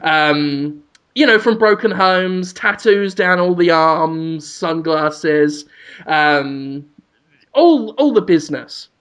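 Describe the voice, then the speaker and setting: A man co-hosting a podcast, spinning an absurd comic scenario for his co-host in a deadpan, rambling way with frequent ums. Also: fairly high pitch, slow pace, clean tone. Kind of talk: comedic storytelling to a co-host.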